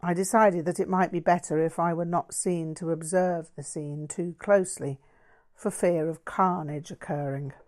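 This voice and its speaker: A woman narrating a first-person memoir aloud in a dry, wry, measured way. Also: on the low side, steady tone, darkish tone. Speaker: audiobook reader.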